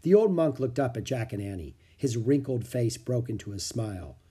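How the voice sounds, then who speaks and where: Male narrator, children's book, husky, animated delivery. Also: mid-range voice, moderate pace.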